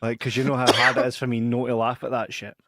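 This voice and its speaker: A man's voice: mid-range voice, little pitch movement, quick pace, pushed and bright, no echo, clean studio sound. Scottish man telling stories with laughter. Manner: laughs through his stories, shrieks impressions. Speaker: podcast co-host. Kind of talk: casual chat.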